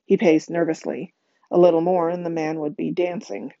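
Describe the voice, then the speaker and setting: Woman reading a novel aloud, lowish mellow voice, dry, slightly muffled. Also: little pitch movement, moderate pace, dry recording. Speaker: reader.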